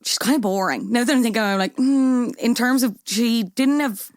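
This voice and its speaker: A woman guesting on a podcast in casual chat, quick to react and expressive. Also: fairly high pitch, no room sound, clean studio sound.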